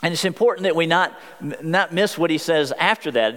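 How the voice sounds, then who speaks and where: A man preaching a sermon as a pastor, earnest, slowing down when he quotes scripture. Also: on the high side, a bit bright, long reverb tail.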